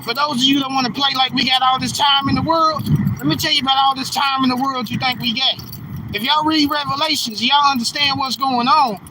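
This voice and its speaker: Slangy guy about forty doing a livestream, high voice, phone held off with traffic noise behind. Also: fairly even intonation, brisk, far from the mic. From California. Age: 40s. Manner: slangy, preachy, talks straight to viewers. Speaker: livestream host. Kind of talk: casual livestream chat.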